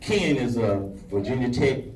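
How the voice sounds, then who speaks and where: Male pastor and life coach, animated and playful, pulls the crowd in; recorded from a distance in a reverberant banquet hall. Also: medium pitch, a little slow. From Alabama. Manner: preacherly, playful, calls for audience shouts. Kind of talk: lively motivational speech to an audience. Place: large banquet hall with an audience. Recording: echoey hall, distant mic, audience noise.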